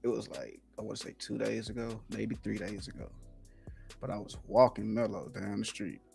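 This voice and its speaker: A man's voice: fairly low pitch, fairly even intonation, normal speed, gravelly, a little mellow, soft background music. A man co-hosting a podcast, telling a story in a laid-back way, laughing through it and swearing often. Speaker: podcast co-host. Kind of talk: casual podcast chat.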